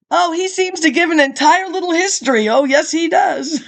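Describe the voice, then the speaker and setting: Woman, high voice, reads archive speech aloud, drifts into loose chatty asides. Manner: rambling, chatty asides, frequent laughs and throat clearing. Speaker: reader of archive documents. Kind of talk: reading a speech aloud with offhand commentary.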